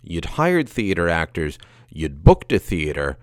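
A man's voice: deep voice, sing-song, a little slow, no echo, clean studio sound. A man hosting a podcast interview, asking pointed questions in a conversational way. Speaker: podcast host.

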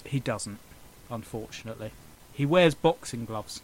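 A man's voice: medium pitch, lively intonation, normal speed, low-quality recording. A man narrating an improvised comedy story for a friend, often laughing at his own silliness. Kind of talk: improvised comedy podcast chat.

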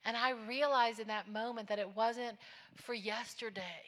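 A woman preacher giving a testimony sermon, telling her story plainly and rising into loud, fervent preaching. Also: fairly high pitch, steady tone, normal speed, long reverb tail. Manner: storytelling, drops to a hush, then builds to loud preaching.

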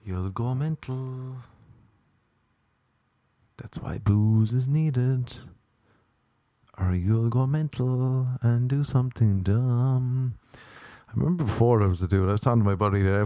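Sweary young comedian with a low, dark voice. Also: male voice, no echo. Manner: sweary, laughing, rambling storyteller. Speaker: stand-up comedian. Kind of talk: casual rambling monologue.

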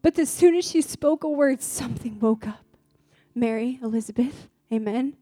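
A woman's voice: fairly high pitch, moderate pace, warm tone, no echo. A woman preaching a sermon to a congregation, sharing personal testimony in an earnest way that builds to fervent exhortation. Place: gathering room with a congregation.

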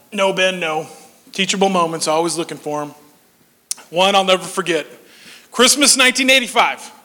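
A man in his forties telling comic stories on stage, animated and laughing through his punchlines. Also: high-pitched. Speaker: stand-up comedian. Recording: long hall reverb.

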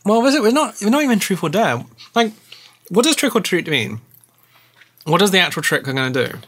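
A woman co-hosting a podcast in casual chat, animated and giggly. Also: mid-range voice, slightly rough. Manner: animated, giggly, quick asides. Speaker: podcast co-host.

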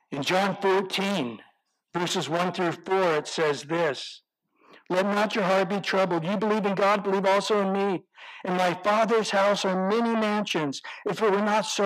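Guy preaching, fairly high voice, reads verses out and keeps asking isn't that awesome. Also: poor audio. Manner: reads scripture aloud with rhetorical questions and chuckles. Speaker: pastor. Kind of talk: sermon.

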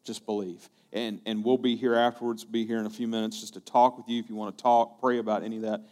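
A man's voice: fairly low pitch, flat delivery, quick pace, a little mellow. A male pastor preaching a sermon, telling a story earnestly and often repeating his words.

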